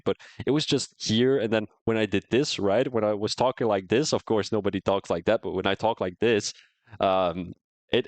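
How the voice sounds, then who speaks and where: A man's voice: on the low side, no room sound. A man commentating a sim racing league, chatting casually at the end of a live stream on a headset mic and answering viewers' comments as he goes. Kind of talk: casual post-race live-stream chat.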